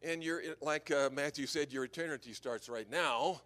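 His pitch is a little high and his pace moderate: an older man preaching as a guest, building his sermon from anecdotes he tells with spirit, chuckling at his own humor along the way.

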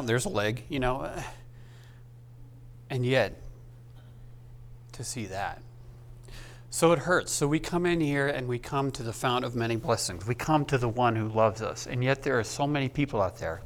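A man preaching a sermon as pastor, speaking haltingly and with feeling, with many restarts, into a microphone. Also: mid-range voice.

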